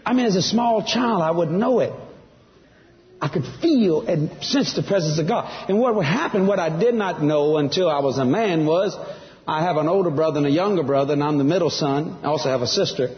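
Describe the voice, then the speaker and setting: A man's voice: fairly high pitch, fairly quick, big-room sound, muffled recording. A man giving a testimony sermon, telling his story with animation and acting out the other voices. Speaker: preacher.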